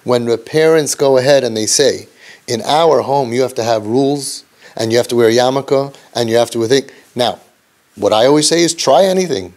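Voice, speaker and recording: Earnest man giving a preachy lecture. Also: moderate pace. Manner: earnest, preachy, with Yiddish and Hebrew terms; dips low and soft, then rises for emphasis. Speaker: parenting counselor and speaker. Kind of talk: impassioned lecture.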